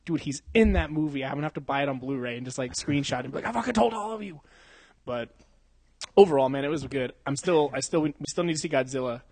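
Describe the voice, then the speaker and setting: A man's voice: medium pitch, fast, hardly any pauses, a little mellow, no room sound. Laid-back young man, dry close sound. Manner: rambling, laughs often, swears a lot. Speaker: podcast co-host. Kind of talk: casual chat.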